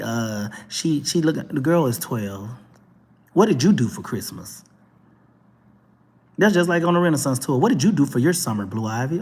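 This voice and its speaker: A Texan man hosting a talk show, delivering an animated, preachy monologue with mocking asides. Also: a little high, a little fast, breathy edge, in a large hall. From Texas. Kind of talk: opinionated monologue.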